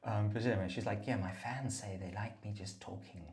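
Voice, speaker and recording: A man recording a rambling, reflective voice note in a bathroom, meandering and self-mocking, sometimes dropping to a soft murmur. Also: on the low side, steady tone, fairly quick, reverberant, slight background noise. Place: bathroom, at the bath. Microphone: phone voice note.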